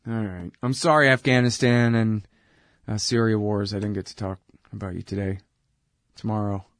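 A man's voice: on the low side, steady tone, moderate pace, no room sound, studio quality. A man hosting a political talk show, blunt and rambling, with plenty of profanity. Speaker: host. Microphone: headphones and studio mic.

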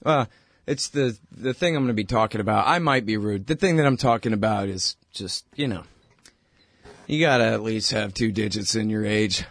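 A man's voice: on the low side, normal speed, a bit bright, no echo. Blunt man hosting a radio talk show. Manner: blunt, heated, conversational with many fillers. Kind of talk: opinionated political commentary.

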